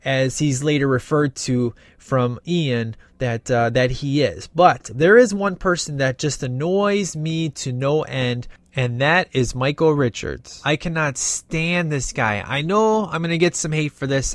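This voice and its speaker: A man's voice: mid-range voice, no room sound. A man giving a casual, opinionated spoken movie review, rambling with many fillers and restarts.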